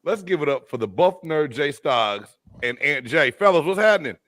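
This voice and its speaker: A man hosting a casual live sports chat, loud and joking with his co-hosts. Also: on the high side, lively intonation, moderate pace, no room sound. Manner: loud, hyped, joking banter. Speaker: host.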